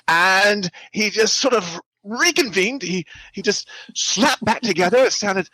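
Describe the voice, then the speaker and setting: A man's voice: sits high, lively intonation, a little slow, few pauses, pushed and bright, breathy edge, no room sound, low-quality recording. A man telling his character's part of a tabletop game, playful and comic with frequent stammering. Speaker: player.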